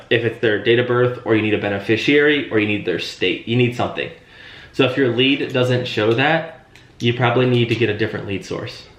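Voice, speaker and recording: A man's voice: medium pitch, a bit bright, roomy sound. A man teaching insurance agents how to open sales calls in a live video-call training, coaching them and acting out friendly call lines.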